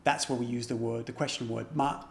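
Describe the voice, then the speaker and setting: A man teaching a beginner language lesson, explaining patiently and repeating example phrases slowly and carefully. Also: medium pitch, steady tone, vocal fry, echoey room.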